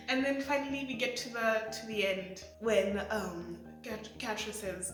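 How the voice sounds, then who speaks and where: Excitable young woman in an echoey room. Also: a little high, normal speed, few pauses. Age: 20s. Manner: excitable, rambling, many fillers. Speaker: vlogger. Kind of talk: casual show review. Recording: echoey room, faint music.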